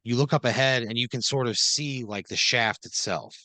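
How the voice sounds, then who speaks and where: A man's voice: medium pitch, moderate pace, sharp tone, no echo. A man improvising a comedic second-person story on a podcast, rambling loosely with lots of fillers.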